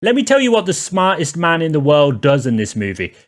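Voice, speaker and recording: A man's voice: on the high side, sing-song, fairly quick. A man giving a sarcastic, rambling spoken film review, full of exasperated asides.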